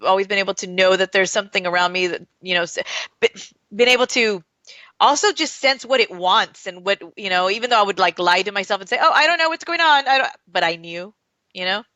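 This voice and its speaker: A woman co-hosting a casual chat show, chatty and quick to laugh, with lots of fillers. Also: medium pitch, fairly even intonation, pushed and bright, no room sound, lo-fi sound. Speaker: co-host.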